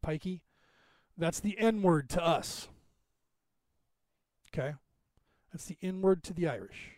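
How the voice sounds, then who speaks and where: A man with a somewhat high voice talks quickly and at length, hopping from one point to the next. He hosts his own podcast in a loose, talkative monologue. The sound is close and dry, with no room around it. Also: darkish tone, no room sound. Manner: rapid, talkative, digressive. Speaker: podcast host. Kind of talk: rambling spoken monologue.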